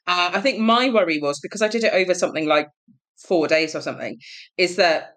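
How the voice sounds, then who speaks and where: A woman's voice: lowish voice, fairly quick. A woman, a guest author, telling stories in casual chat and acting out quotes with laughs. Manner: animated storytelling, laughs, acts out quotes.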